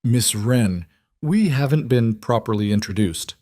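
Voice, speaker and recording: A man voicing a smooth, amused, menacing mob boss with a faint Italian accent. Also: medium pitch, expressive, measured pace, a little mellow, dry recording, studio quality, lightly acted.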